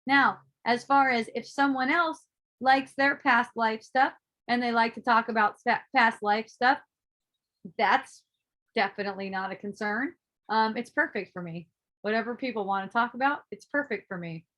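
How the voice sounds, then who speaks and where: High-voiced woman giving a casual spiritual talk. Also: moderate pace. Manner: animated, swearing, acting out her own inner voices, laughing often. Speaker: spiritual teacher.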